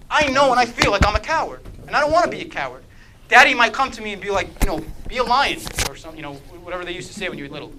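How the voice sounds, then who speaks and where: A man with a high, very bright voice leads a group talk, checking again and again that the audience follows along. He keeps it lively with playful jokes, and a faint noise sits behind him. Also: low-quality recording. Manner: quizzes the audience with frequent "okay?"; lively and animated, with a playful humor. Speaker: speaker leading a church group talk. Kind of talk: interactive apologetics talk.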